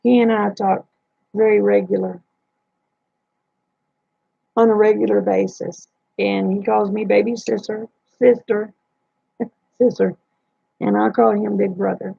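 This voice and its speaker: A woman's voice: medium pitch, little pitch movement, measured pace, creaky, long pauses, slightly rough, no room sound. A woman hosting a livestream, telling a personal story in a plain-spoken way and retelling the dialogue. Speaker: livestream host. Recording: dull lo-fi dry sound.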